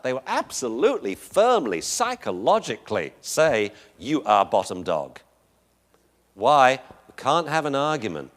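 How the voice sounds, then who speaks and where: A man lecturing on dog behavior over video footage. He is animated and chuckling, and acts out the dogs' voices. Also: medium pitch.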